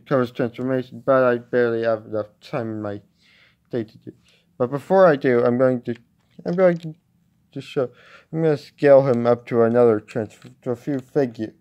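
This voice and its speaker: A man casually reviewing a toy at home, talking in a halting way with many restarts. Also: medium pitch, muffled recording. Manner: halting, with frequent restarts and fillers.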